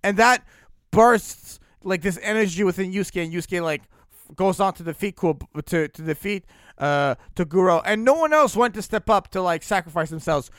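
A man's voice: sits high, lively intonation, moderate pace, fairly bright tone, no room sound, clean studio sound. A man co-hosting a podcast, casually rambling about anime characters with frequent restarts. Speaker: podcast co-host.

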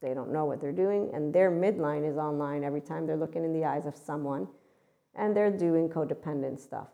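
A woman's voice: low voice, fairly quick, vocal fry, narrow, tinny audio. A woman spiritual teacher giving a channeled talk, blunt and swearing, acting out other people's voices as she goes.

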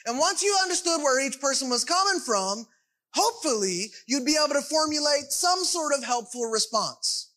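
A man's voice: very high voice, very animated, moderate pace, sharp tone, poor audio. A man preaching a sermon in a conversational way, often checking in with his congregation. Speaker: pastor.

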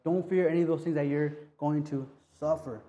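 A man preaching a conversational sermon, talking in a casual, halting way with many restarts and tag questions. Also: a little high, steady tone, warm tone. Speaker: pastor.

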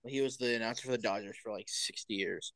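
A man's voice: fairly low pitch, steady tone, fast talker, a bit bright. A young man co-hosting a podcast in casual chat, laid-back with dry humor. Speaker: podcast co-host.

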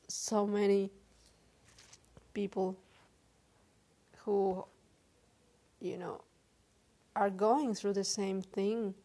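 A woman speaking English as a second language in a personal confessional vlog. She sounds weary and frank, talks haltingly, and swears often. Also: mid-range voice, mellow. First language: not English. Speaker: vlogger.

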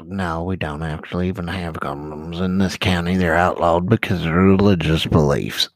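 A man's voice: low-pitched, steady tone, moderate pace, dry recording, studio quality, pitched below the performer's own voice. Man putting on a drawling old cashier lady. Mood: sassy. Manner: drawling, calls people darling. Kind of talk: improvised comedy bit on a podcast.

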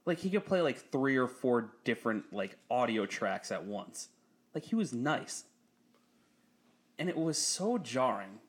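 A young man in easy, casual chat, telling a long story with plenty of swearing. He laughs often and gets animated when he quotes other people, and his voice leaps upward. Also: mid-range voice, unhurried.

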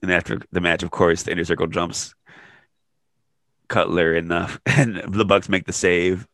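A man co-hosting a podcast, recapping wrestling in casual chat, excitable and laughing often. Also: low-pitched, moderate pace, dry recording, studio quality. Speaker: podcast co-host.

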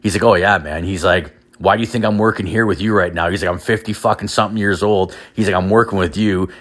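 A man's voice: low-pitched, steady tone, fast talker. A man hosting a podcast, telling rambling, profane comedic stories in a casual rant. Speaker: podcast host.

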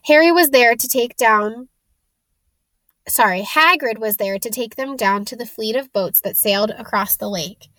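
A woman reads a novel aloud with a steady, clear storytelling manner. Her voice sits a little high, and the recording is close and dry. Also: no room sound. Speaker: reader.

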